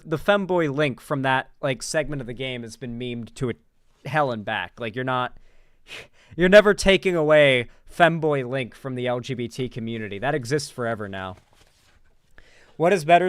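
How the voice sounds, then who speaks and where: A man's voice: mid-range voice, clear, resonant tone, no echo. A man hosting casual political commentary, sarcastic and rambling with lots of filler words. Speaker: host. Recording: dry close-miked room.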